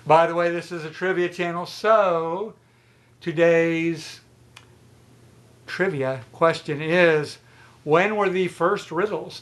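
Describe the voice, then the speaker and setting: A man's voice: fairly high pitch, a bit bright. A man in his sixties hosting a trivia channel, chatting outdoors as he explains a math riddle, rambling and restarting his sentences. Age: 60s. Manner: chatty and rambling, with repeated false starts.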